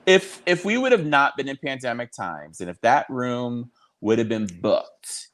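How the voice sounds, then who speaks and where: A man's voice: medium pitch, expressive, a bit bright. A man hosting a podcast, chatting casually and cracking jokes about reality TV. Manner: chatty, jokey, quick asides. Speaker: podcast host. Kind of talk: casual chat.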